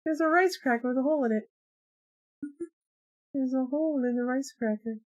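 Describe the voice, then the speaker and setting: A chatty woman in her forties talks casually on a live stream with a fairly high voice. She tells her stories in an animated way, laughs often, and keeps an easygoing, rambling flow. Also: brisk, muffled recording. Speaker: streamer and comic artist.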